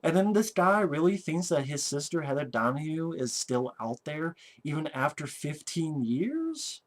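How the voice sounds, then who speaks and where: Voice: medium pitch, very animated, a little slow. Sarcastic reviewer ranting about a movie, swears a lot, blunt and casual. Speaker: film reviewer.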